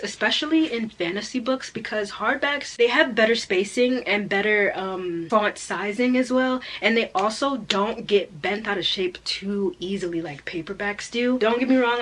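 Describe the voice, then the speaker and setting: A young woman vlogging about books in a casual, gushing, excitable way full of slang. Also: mid-range voice. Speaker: book vlogger. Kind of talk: casual chat to camera.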